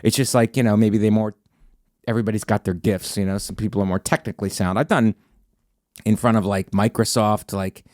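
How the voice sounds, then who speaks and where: A man's voice: lowish voice, fairly even intonation, brisk, a little mellow, dry recording, clean studio sound. A man hosting a podcast, a stand-up comedian who talks in a rambling, self-interrupting, sarcastic way. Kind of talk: casual podcast chat.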